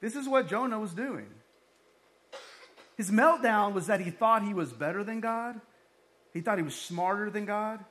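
Male pastor, fairly high voice, animated sermon, playful asides. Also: moderate pace, long pauses. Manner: animated, joking asides and acted-out quotes.

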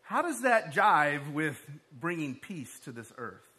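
Male pastor, high bright voice, sermon, chatty storytelling delivery. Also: takes it slowly, breathy edge. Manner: conversational storytelling, animated when excited.

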